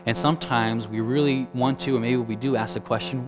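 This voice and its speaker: With a steady tone and a mid-range voice, a male preacher moves briskly through a conversational sermon, repeatedly questioning his audience and adding many offhand asides. Music plays clearly in the background, and the audio is poor.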